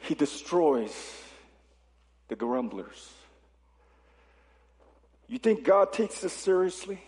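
A male pastor preaching a sermon in a lively, conversational way, with jokey asides to the congregation. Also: fairly high pitch, takes it slowly. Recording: long reverb of a large hall.

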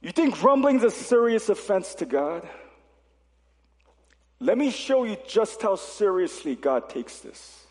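A male pastor preaching a sermon in a lively, conversational way, with jokey asides to the congregation. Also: sits high, measured pace. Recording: long reverb of a large hall.

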